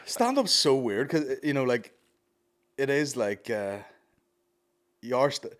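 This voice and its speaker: A man's voice: mid-range voice, very animated, a little slow. A man, a stand-up comedian guest, chatting casually with rambling, sweary restarts. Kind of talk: casual chat.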